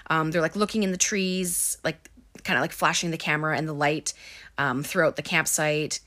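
A woman's voice: low voice, steady tone, normal speed, a bit bright. A woman casually recapping a film, talking with lots of fillers. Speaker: movie recap host.

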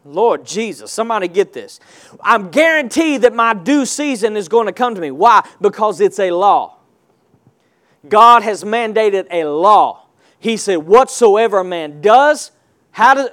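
A man preaching a sermon, calling on the congregation to answer back and stressing points with slow, emphatic delivery. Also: sits high, animated. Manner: call-and-response preaching, rising to emphatic shouts.

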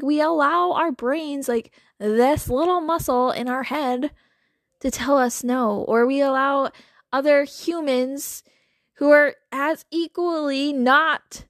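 A woman hosting a podcast, talking in a chatty, animated way with lots of filler words and little laughs. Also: sits high, dry recording, clean studio sound. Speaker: podcast host. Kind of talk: casual monologue.

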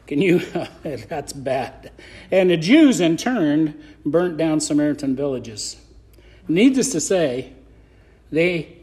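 High-voiced man preaching a sermon. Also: a little mellow. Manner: conversational, plays out scripture scenes in voices. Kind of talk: podcast sermon.

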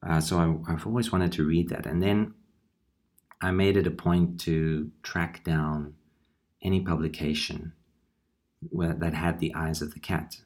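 A man hosting a horror comics podcast, telling stories in an unhurried, reflective way. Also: low voice, fairly even intonation, darkish tone. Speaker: podcast host.

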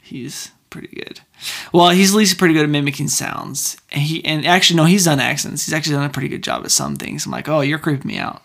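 A woman's voice: quick pace, vocal fry, fairly bright tone. A woman hosting a podcast, chatting casually and breaking into goofy impressions with lots of laughter. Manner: playful, laughs often, jumps into squeaky put-on voices. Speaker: podcast host. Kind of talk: casual chat doing silly impressions.

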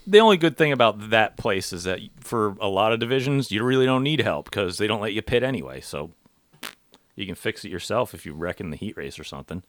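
Man, podcast host, low voice, dry close sound, rambling and joking. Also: lively intonation, fairly quick, no room sound. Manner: joking, rambling, self-deprecating. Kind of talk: casual chat.

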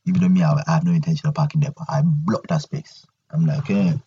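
Young man, podcast host, animated repetitive rant, raspy deep voice, dull lo-fi sound. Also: quick pace. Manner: animated ranting, repeating himself.

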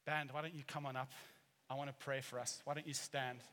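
A man preaching a sermon as pastor, earnest and animated, acting out quotes as he tells a story. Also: mid-range voice, fairly quick. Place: church hall. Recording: long hall reverb.

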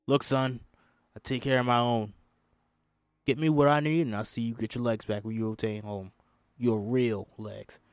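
A man voicing a gruff, hard-bitten middle-aged male marine colonel with blunt orders, straining his throat, in an amateur script reading. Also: medium pitch, fairly even intonation, normal speed, dry recording, clean studio sound, close to an everyday voice. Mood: persuasive.

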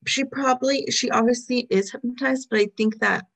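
A woman's voice: fairly high pitch, fairly even intonation, brisk. A woman co-hosting a casual chat, chiming in with thoughtful theories about a show. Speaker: podcast co-host.

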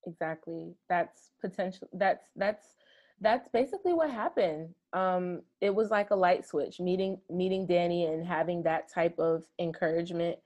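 A woman's voice: on the low side, normal speed, a little mellow, muffled recording. A woman in her thirties, a guest in an interview, earnestly telling a personal story with many "like" fillers. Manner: earnest, heartfelt, frequent "like" fillers.

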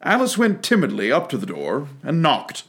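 A man reading a classic storybook aloud with expressive, animated storytelling. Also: fairly high pitch, normal speed, husky. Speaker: narrator.

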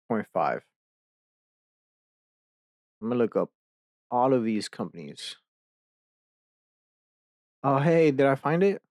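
A man's voice: mid-range voice, animated, slow, long pauses, dry recording. Cursing, exasperated young man ranting. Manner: profane, ranting, easily exasperated. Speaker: podcast host. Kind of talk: casual chat.

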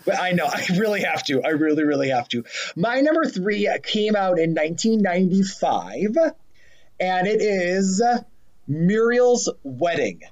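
A man with a notably high-pitched voice talks through his favorite movies in a relaxed conversation. He gushes, pokes fun at himself, and breaks into laughter often. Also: a little slow. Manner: gushing and self-deprecating, laughs often. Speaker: podcast co-host. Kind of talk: casual chat about favorite movies.

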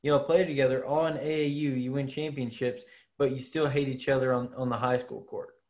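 A man's voice: mid-range voice, fairly even intonation, brisk, darkish tone. A man talking basketball on a casual podcast in an average, mid-range voice. He is easygoing and builds his arguments through long, everyday examples. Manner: laid-back, argues with long examples. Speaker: podcast co-host. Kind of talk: casual sports chat.

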